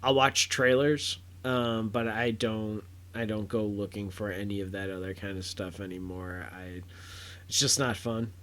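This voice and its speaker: A man hosting a podcast, giving a casual, rambling film review full of fillers and restarts that turns loud and excited at big moments. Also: on the low side, measured pace.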